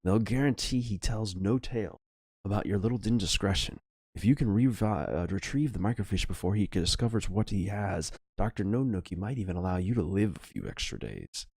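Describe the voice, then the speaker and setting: A man's voice: on the low side, lively intonation, a little mellow, breathy edge, no room sound. A man voicing a dorky-looking male spy who threatens and bosses around a shop clerk in an old adventure game. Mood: threatening. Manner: threatening, slow and deliberate.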